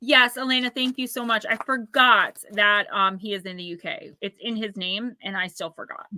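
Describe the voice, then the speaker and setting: A woman's voice: mid-range voice, steady tone, normal speed, no room sound, low-quality recording. A woman giving an intuitive oracle card reading on a live stream, chatting and reading card meanings aloud. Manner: chatty, reads card text aloud softly.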